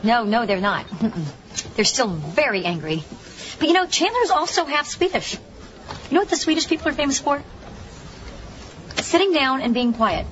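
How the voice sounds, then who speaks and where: A woman's voice: high voice, very animated, moderate pace, pauses often, a bit bright, slight background noise. An actress playing a bossy, blunt young woman who speaks firmly. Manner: blunt, firm. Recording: dull TV audio.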